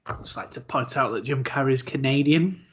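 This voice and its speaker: A man's voice: mid-range voice, a little fast, breathy edge, lo-fi sound. A man, co-hosting a podcast in casual, rambling chat with easy laughs. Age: 30s. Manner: chatty, rambling, laughs easily, repeats words. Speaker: podcast co-host.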